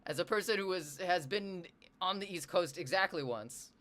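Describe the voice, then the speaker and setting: Chatting casually with their audience, a streamer from the Northwestern US speaks at a normal speed in a medium-pitched voice. The tone is animated and self-deprecating, with swearing thrown in freely.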